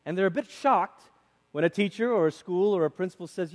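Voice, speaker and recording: A man preaching a conversational sermon as a pastor, lively and acting out quoted voices, in a church. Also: sits high, fairly quick, in a large hall. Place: church sanctuary.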